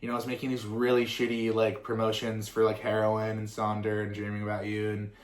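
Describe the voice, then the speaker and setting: A man's voice: fairly low pitch, completely flat delivery, brisk. Rambling young man in a roomy space. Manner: rambling and swearing, full of fillers and tangents. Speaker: musician and content creator. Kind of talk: casual Q&A chat. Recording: roomy echo.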